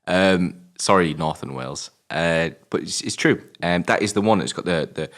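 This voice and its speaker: British male co-host, very low voice, loose rambling film chat with fillers. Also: moderate pace, fairly bright tone. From Britain. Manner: rambling, many fillers and restarts, swears casually. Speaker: film review podcast co-host. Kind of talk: casual film discussion.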